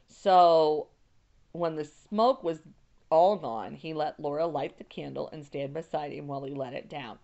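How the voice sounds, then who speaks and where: A woman teacher reads a chapter aloud at an unhurried pace and stops now and then to explain. Her voice is low with a gravelly edge. The recording sounds a little dull. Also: a little mellow.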